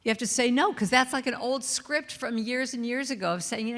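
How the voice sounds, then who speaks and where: A middle-aged woman, a guest speaker and singer, gives a sermon in a church sanctuary, telling warm stories and softly singing lines of her chants. Her voice sits on the high side and moves fairly quickly, with long hall reverb around it.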